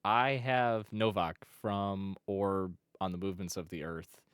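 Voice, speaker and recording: A man with a low voice co-hosting an anime podcast, talking in loose, rambling stretches full of restarts. The sound is dry and close to the mic. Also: fairly even intonation, a little slow, a bit bright, smooth, dry recording. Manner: rambling, many restarts and fillers. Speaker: podcast co-host. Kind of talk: casual chat.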